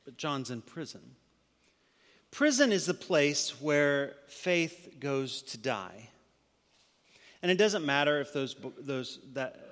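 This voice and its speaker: A male pastor preaching a sermon, moving between loud emphatic passages and hushed, near-whispered lines. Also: mid-range voice, in a large hall.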